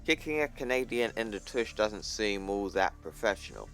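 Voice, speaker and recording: A man's voice: lowish voice, expressive, moderate pace, a bit bright, faint music behind. A man voicing a wisecracking grizzled soldier in a raised, incredulous tone.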